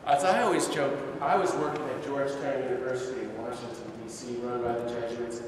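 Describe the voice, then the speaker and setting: The priest's voice here is mid-range and steady, fairly quick, as he tells stories in a large church hall with impassioned emphasis rising to emphatic peaks. It's recorded from a distant mic in an echoey space with background noise.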